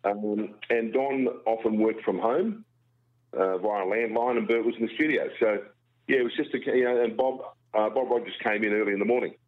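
A man's voice: lowish voice, normal speed. A middle-aged Australian man, a guest broadcaster, telling jokey, self-deprecating stories in casual radio chat. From Brisbane, Australia. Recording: tinny phone line.

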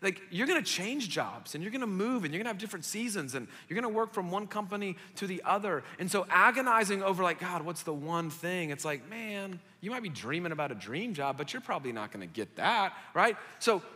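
Lively young man preaching in a church hall. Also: sits high, fairly quick, hardly any pauses. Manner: animated storytelling with asides to the crowd. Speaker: pastor. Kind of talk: casual sermon to young adults.

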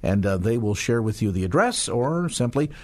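A man hosting a radio fundraising appeal, talking fast and slowing down to repeat phone numbers. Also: lowish voice, very animated, darkish tone.

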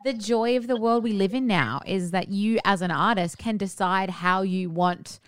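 A woman's voice: mid-range voice, moderate pace, smooth. A woman radio host, chatting casually and jokingly with a guest, full of "like". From Australia. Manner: bubbly, joking, uses 'like' often.

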